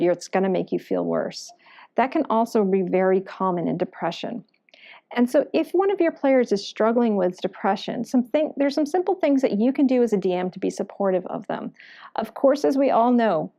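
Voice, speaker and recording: Earnest woman psychologist, mellow voice. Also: mid-range voice. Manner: earnest, gentle, advising. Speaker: psychologist and show host. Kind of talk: educational talk to camera.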